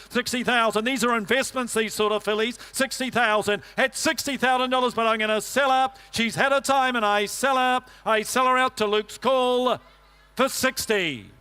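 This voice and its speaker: A man working as an auctioneer, rattling off bids in a quick rhythmic chant and coaxing bidders. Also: sits high, sharp tone. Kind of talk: livestock auction calling.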